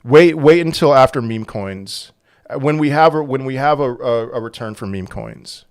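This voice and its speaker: A man hosting a casual crypto livestream, reading viewer questions with many restarts, sometimes turning loud and heated. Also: medium pitch, animated, clean tone, dry recording, clean studio sound. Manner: halting, full of restarts, turns loud and heated when angry.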